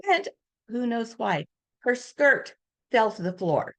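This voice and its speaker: An older woman speaks as a guest at an informal talk. She tells her stories in a casual, animated way and brings each anecdote to life by acting out the people she quotes. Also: fairly high pitch, slow pace. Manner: lively anecdotes, acts out quoted voices.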